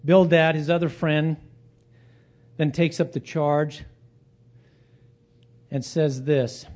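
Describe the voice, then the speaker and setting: A male preacher delivering a sermon, with a voice that sits a little high for a man. He reads the quoted speeches with rising intensity and drops to a quieter tone for his own remarks. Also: fairly even intonation, slow, pauses often. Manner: voice rises and grows louder when reading quoted speeches, drops low for asides. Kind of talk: sermon, reading and paraphrasing scripture.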